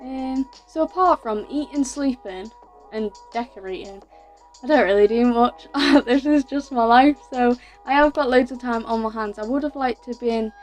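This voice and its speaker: A woman's voice: a little high, moderate pace, faint music behind. Chatty teenage girl from England. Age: teens. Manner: chatty and rambling, many fillers and self-corrections. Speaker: YouTuber. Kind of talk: casual Q&A vlog.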